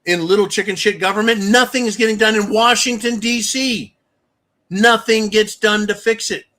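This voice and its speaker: A man's voice: sits high, steady tone, moderate pace, pushed and bright. A man hosting his own channel, delivering a heated, profane political rant. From United States. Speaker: channel host.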